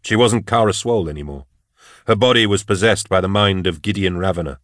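A man narrating an audiobook with a steady, dramatic delivery. His voice sits low, and the recording is dry and close. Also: fairly quick, dry recording.

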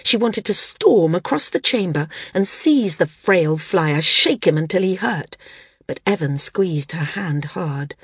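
A woman narrating a fantasy audiobook in a steady, measured way. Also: fairly low pitch, breathy edge, dry recording, clean studio sound.

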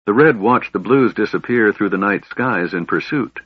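A man's voice: on the low side, moderate pace, breathy edge, dry recording. A man narrating a fantasy audiobook expressively. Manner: expressive storytelling. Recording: dull lo-fi audiobook recording.

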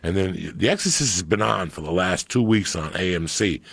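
Gravelly man telling profane stories. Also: deep voice, a little fast, dry recording. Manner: animated, swearing, acts out movie quotes. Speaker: podcast guest. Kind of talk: profane storytelling.

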